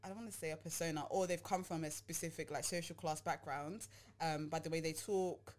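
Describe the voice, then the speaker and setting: A young woman podcast host in casual conversation, her voice sitting a little low. She rambles and restarts often, circling her point in an easy, chatty way. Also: fairly even intonation, a little fast, a little mellow. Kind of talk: casual chat.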